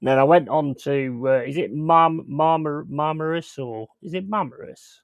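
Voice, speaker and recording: Man, casual podcast storyteller, profane, gravelly voice. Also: fairly high pitch, normal speed, no echo, lo-fi sound. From England. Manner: profane, laughing, rambling anecdotes. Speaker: podcast host.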